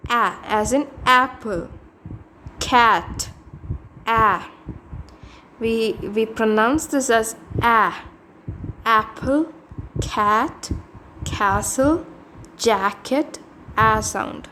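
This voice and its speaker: Slow, deliberate woman teaching pronunciation. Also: fairly high pitch, bright, forceful tone, a little hiss or hum. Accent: Indian English. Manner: slow, deliberate, repeats each word, many fillers. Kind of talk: slow phonetics lesson with example words.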